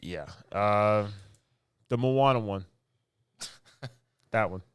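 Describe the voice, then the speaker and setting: A man's voice: fairly low pitch, drawn-out words, smooth. A man co-hosting a casual podcast, guessing at trivia and tossing in dry jokes. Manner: wisecracking, jokey guesser. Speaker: podcast co-host.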